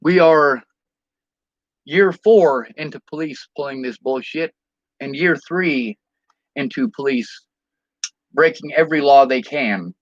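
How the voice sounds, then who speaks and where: A man's voice: on the high side, slow pace, pauses often, no echo, lo-fi sound. A man venting in a personal vlog rant, bitter and indignant, with frequent swearing.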